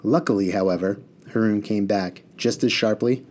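A man reading a children's novel aloud in a steady storytelling manner. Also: lowish voice, moderate pace. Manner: steady storytelling, casual asides. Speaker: reader.

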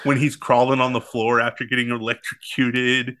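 Bright-voiced man, eager movie talk. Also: medium pitch, level tone, moderate pace. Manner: enthusiastic, acts out movie lines in quotes. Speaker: podcast co-host. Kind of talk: casual movie chat.

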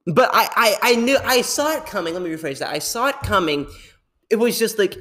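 A man's voice: high voice, a little fast. Chatty young man hosting a podcast. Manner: rambling, animated, laughs often. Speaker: podcast host. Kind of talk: casual podcast chat.

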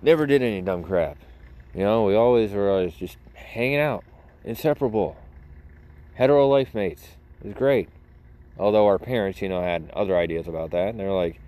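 A man's voice: on the low side, expressive, moderate pace, pauses often, warm tone. A man rambling and joking to his viewers in a casual vlog, self-mocking and chatty. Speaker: vlogger.

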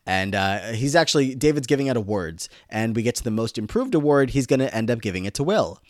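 A man's voice: medium pitch, fast, dry recording, studio quality. A man co-hosting a podcast, casually recapping a TV episode with plenty of fillers. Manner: relaxed, filler-heavy storytelling. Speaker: podcast co-host.

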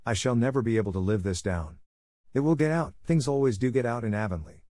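A man reading the lines of an excitable orphan girl, pleading in a gushing, dramatic way. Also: medium pitch, quick pace, dry recording, clean studio sound, natural voice. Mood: despairing.

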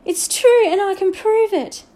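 A woman reading aloud and voicing a frightened, desperate young schoolboy in a storybook, shrill and tearful. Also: unhurried, warm tone. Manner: high, shrill and tearful outbursts.

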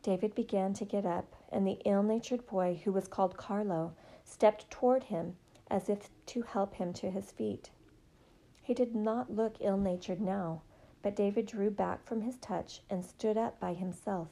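Gravelly, mellow woman storyteller. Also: medium pitch, steady tone, unhurried. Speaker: narrator. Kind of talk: audiobook reading of a novel.

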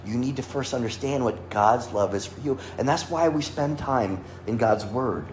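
A man's voice: medium pitch, moderate pace, darkish tone, a little hiss or hum. A man preaching a sermon, earnest, quoting scripture and lifting or dropping his voice for emphasis. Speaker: pastor. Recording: echoey room with faint ambience.

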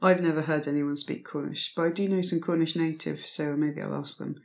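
A woman in a casual group chat who speaks in a lively, chatty way and laughs easily. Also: low voice, fairly quick, creaky. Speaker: podcast panelist.

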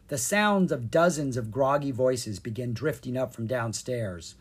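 A narrator giving an expressive reading of a children's storybook. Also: mid-range voice, unhurried, few pauses, slightly rough. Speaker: audiobook narrator.

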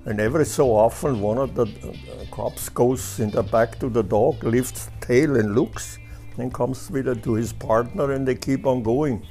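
Older man, slow and halting. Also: mid-range voice, dark tone, soft background music. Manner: halting, repeats words while telling jokes. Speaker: father telling jokes. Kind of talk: casual family joke-telling.

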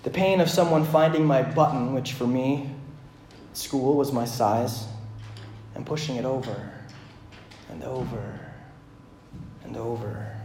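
A male pastor preaching a sermon, dramatic, swinging between loud emphasis and hushed lines with slow repetition. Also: medium pitch, background noise. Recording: echoey room.

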